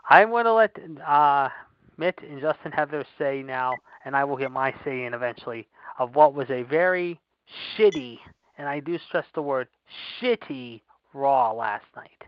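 A man's voice: mid-range voice, animated, normal speed, clean tone, dry recording. A man hosting a wrestling news podcast, reading figures with rambling filler phrases. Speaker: podcast host. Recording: dry, dull lo-fi sound.

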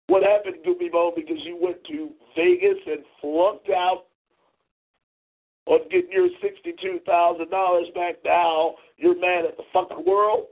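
Over a tinny phone line, a man with a high-pitched, level, unhurried voice hosts a talk show. He rants in a profane, mocking, confrontational way, the sort of angry outburst heard on call-in radio.

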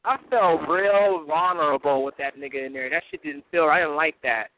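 A man's voice: a little high, brisk, no room sound. A man in heated, profane trash talk, boastful and laughing between insults. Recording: tinny phone-like line.

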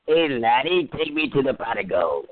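A man putting on a mock Irish accent as a gruff fellow demanding a leprechaun's pot of gold. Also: mid-range voice, sing-song, normal speed, no echo, voice pushed down, natural voice. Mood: greedy. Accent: put-on Irish. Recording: tinny phone line, distant.

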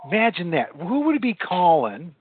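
A man's voice: high-pitched, huge pitch swings, moderate pace, noisy background. Rambling man on a tinny line. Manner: rambling, repeats words, laughs easily. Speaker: podcast host. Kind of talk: casual late-night call-in chat. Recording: tinny phone-like sound.

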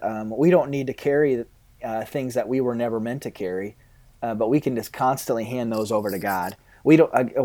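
A man, a pastor, answering interview questions in an earnest, halting way, often quoting his own prayers. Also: medium pitch, dark tone.

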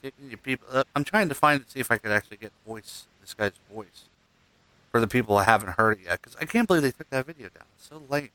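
A man's voice: mid-range voice, lively intonation, fast, pushed and bright, dry recording, poor audio. A man hosting a podcast, bantering casually with sarcastic jokes and a lot of swearing. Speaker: podcast host. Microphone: studio mic.

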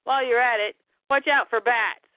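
A woman's voice: a little high, fairly even intonation, normal speed, no echo, lightly acted. A woman voicing a teasing young woman friend who speaks with a wry edge. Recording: dry, tinny phone-like line.

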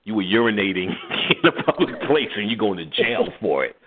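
A man's voice: fairly low pitch, brisk. A man with a New York accent, hosting a radio show and telling a story in a casual way, acting out the other voices. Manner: animated, acts out voices and laughs. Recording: phone-like lo-fi audio.

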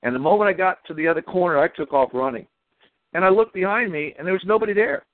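A man's voice: high voice, quick pace, no echo. Man telling a story over a phone line. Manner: animated, retells his own dialogue. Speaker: caller. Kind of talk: call-in storytelling.

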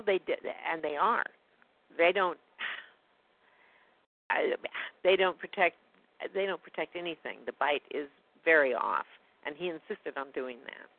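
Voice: medium pitch, no room sound. A guest telling a personal story in a rambling, indignant way during a casual phone conversation. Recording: tinny phone line, dry.

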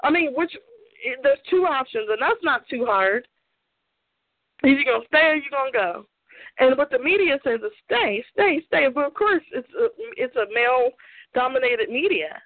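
A woman's voice: high-pitched, lively intonation, normal speed, dry recording. A woman co-hosting a talk show, ranting her opinions bluntly, swearing freely and laughing often. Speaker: podcast co-host giving opinions. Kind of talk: casual opinion rant. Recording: tinny phone-like line, dry.

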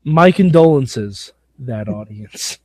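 A man hosting a podcast in excitable casual chat, laughing often. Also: mid-range voice, slow pace, dry recording. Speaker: podcast host.

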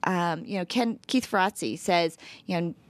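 Chatty woman radio co-host, low voice. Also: normal speed, no room sound. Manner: chatty, upbeat, lots of fillers. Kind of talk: casual radio talk, reading through a list.

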